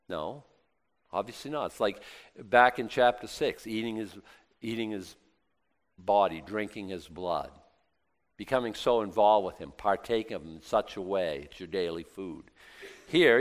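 Man preaching a conversational Bible sermon. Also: fairly low pitch. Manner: reads scripture aloud, then comments in a joking conversational aside; asks the listeners rhetorical questions, with swings between loud and quiet.

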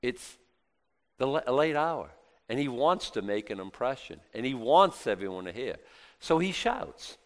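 A man preaching a conversational Bible sermon. He reads scripture, breaks off into casual, joking asides and puts rhetorical questions to his listeners. His voice sits at a middle pitch and swings between loud and hushed. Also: lively intonation, normal speed, vocal fry.

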